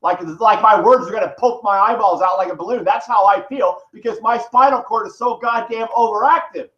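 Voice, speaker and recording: A man's voice: high voice, a little fast, fairly bright tone. A man vlogger in pain, delivering a heated, profane, rambling rant to the camera. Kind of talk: angry direct-to-camera rant. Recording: echoey room, dull lo-fi sound.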